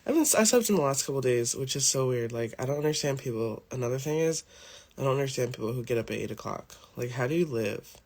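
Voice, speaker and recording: A man in a medium pitch, talking loosely with lots of "like" and "um." He has just woken up and chats in a rambling vlog style. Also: animated, quick pace, a little mellow. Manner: rambling, heavy use of "like" and "um". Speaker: vlog host. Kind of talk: casual rambling vlog chat.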